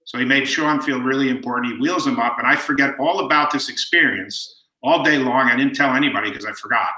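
Briskly and in a medium-pitched voice, a middle-aged man tells warm family anecdotes as an interview guest, quoting others throughout. The recording is low-quality, with an echoey room sound.

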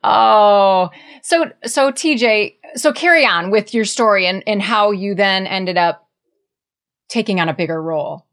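A woman's voice: mid-range voice, a little slow, fairly bright tone. A woman hosting an interview, laughing along and prompting her guest to continue. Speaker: host.

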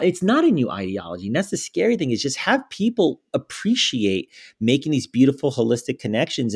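A man's voice: mid-range voice, vocal fry. A man in his forties, a school director, telling stories in a podcast interview and acting out what people said. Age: 40s. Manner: animated storyteller, acts out quotes.

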